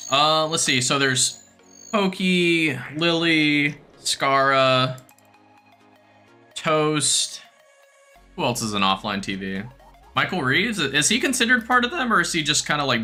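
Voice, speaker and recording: A young man chatting on a game live stream with a very bright, forward voice. His pitch swings widely as he rambles and teases himself, laughing often, with faint music under him. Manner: chatty, self-mocking, laughs easily. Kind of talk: casual live-stream chat.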